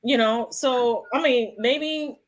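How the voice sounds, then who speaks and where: A middle-aged woman in a casual conversation, speaking calmly and earnestly about her life, with frequent restarts. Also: a little high, slow pace. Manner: reflective, calm and earnest, with many restarts.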